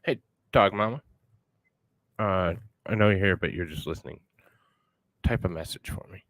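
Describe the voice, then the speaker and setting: A man's voice: sits low, normal speed, a bit bright, dry recording. An American man hosting a livestream, blunt and profane, greeting viewers in chat. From United States. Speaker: show host.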